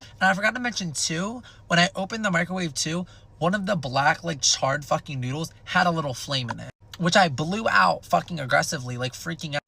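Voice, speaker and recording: A young man telling a wild personal story in a casual, animated and heavily profane way. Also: fairly high pitch, brisk, creaky, slight background noise. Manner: animated, profane, dramatic retelling.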